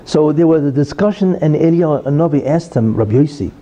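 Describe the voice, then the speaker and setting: A man's voice: a little high, fairly quick, mellow. A man giving a Torah lesson in a conversational way, asking rhetorical questions and explaining terms. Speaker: religious teacher.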